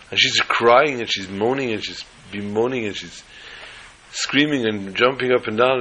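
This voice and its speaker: A man giving a storytelling sermon as a religious teacher, animated and emphatic, piling up repeated phrases. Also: medium pitch, moderate pace, a little hiss or hum, poor audio.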